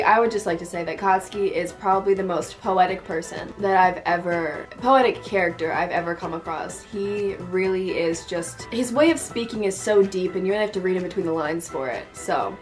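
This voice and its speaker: Tired, giggly young woman reading memes. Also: fairly low pitch. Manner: chatty, giggly, swears often, trails off mid-sentence. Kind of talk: casual chat. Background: background music.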